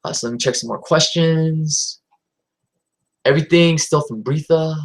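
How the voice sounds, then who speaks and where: A man's voice: a little high, moderate pace, low-quality recording. A man hosting a live stream in a casual, rambling way, with lots of fillers and restarts.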